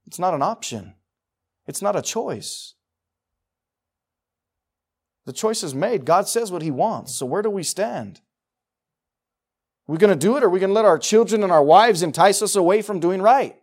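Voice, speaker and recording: A man preaching a sermon, moving between quiet, intimate asides and loud, emphatic passages as he reads scripture. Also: high-pitched, animated, moderate pace.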